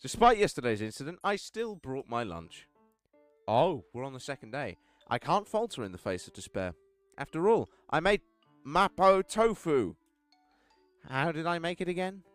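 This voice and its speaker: A man reading a text game aloud with wry commentary, swinging between deadpan narration and outbursts. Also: on the high side, normal speed, dry recording, faint music behind. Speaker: game streamer.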